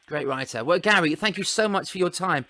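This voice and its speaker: A man hosting a podcast, chatty and quick to laugh as he wraps up an interview. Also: high voice, animated, slight background noise. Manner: chatty, laughs often, warm thanks. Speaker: podcast host. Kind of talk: casual interview and outro.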